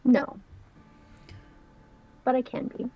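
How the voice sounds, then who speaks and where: A woman voicing a deadpan elf hero. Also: slow pace, no echo, highs cut off, lightly acted. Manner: deadpan, short replies. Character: light elf hero, dry and terse.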